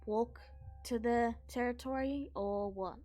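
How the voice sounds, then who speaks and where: A woman's voice: on the high side, a little slow, dark tone, soft background music. A woman narrating as game master of a tabletop game over voice chat, playful and prone to restarts. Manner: playful, giggly, hesitant restarts.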